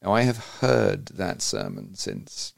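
A man with a very low, gravelly voice hosts a conversational interview, telling stories eagerly and restarting his sentences as he goes. He sounds close and dry, with no room around him. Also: fairly even intonation, slow pace, dry recording. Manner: enthusiastic, rambling storyteller with frequent restarts. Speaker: host.

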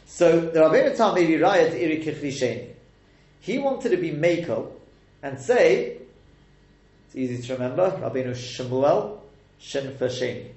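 Guy teaching a class, fairly high voice, keeps asking the room questions, echoey room sound. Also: expressive, normal speed, vocal fry, long pauses, a little mellow. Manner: quizzes listeners with rhetorical questions. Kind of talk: explanatory text lesson.

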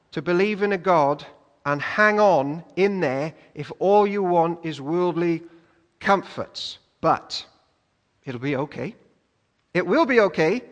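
A man preaching a sermon in a lively, joking way, acting out little voices as he retells stories. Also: high voice, in a large hall.

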